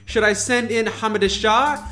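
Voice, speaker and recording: A man's voice: high voice, unhurried, sharp tone, soft background music. A young man playing a game with a friend, playful and laughing, reading text aloud with a theatrical flair. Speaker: gaming video host.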